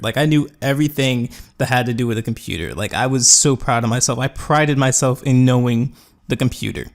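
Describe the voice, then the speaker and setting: A man's voice: mid-range voice, vocal fry. Young man telling a rambling story. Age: young adult. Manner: casual, rambling, with fillers and acted quotes. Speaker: gaming YouTuber. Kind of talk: storytelling over gameplay.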